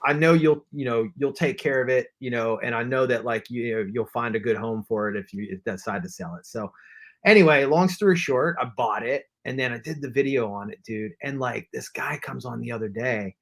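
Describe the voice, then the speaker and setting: A man co-hosting a collecting live stream tells a winding story in easy conversation. He voices what other people said as he goes and leans on fillers. His voice sits at an ordinary middle pitch. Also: fairly quick, a bit bright. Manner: rambling anecdote with acted-out quotes, many fillers. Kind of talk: casual chat, storytelling.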